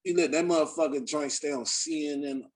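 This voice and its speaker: A man's voice: a little high, steady tone, a little fast, noisy background. A young adult man on a podcast, telling casual, profane stories with lots of fillers. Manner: loose, profane storytelling with many fillers. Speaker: podcast host. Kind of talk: casual chat.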